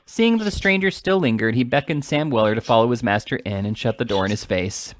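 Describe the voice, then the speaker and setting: A man reading a classic novel aloud in a steady, plain narration. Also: medium pitch, fairly quick, few pauses, slight background noise. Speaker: reader.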